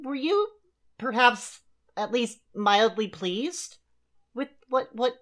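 A woman's voice: fairly high pitch, animated, slow pace, fairly bright tone. A woman co-hosting a comedy podcast, chatting casually, rambling with fillers and laughing often. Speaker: podcast co-host.

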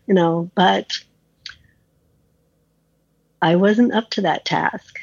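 A woman with a husky, slightly breathy voice tells a personal story in an interview, casual and candid, often restarting and dropping in "like." The recording is dry and a bit dull, as if the highs were rolled off. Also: drawn-out words, long pauses, darkish tone, no echo. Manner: candid, conversational, frequent "like" and restarts.

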